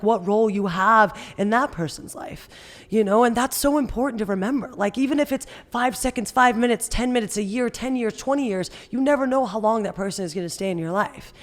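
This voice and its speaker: A young woman from Northern California, a podcast guest, talking casually and acting out quotes with big leaps in her voice. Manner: animated storyteller, acts out quotes with big jumps up in pitch. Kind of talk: casual interview chat.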